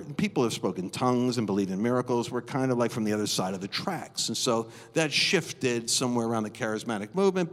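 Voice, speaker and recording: A man preaching a storytelling sermon live in a church, animated and acting out the voices of people he quotes. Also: medium pitch. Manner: animated, acts out quoted dialogue. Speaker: guest preacher. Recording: long reverb of a church hall.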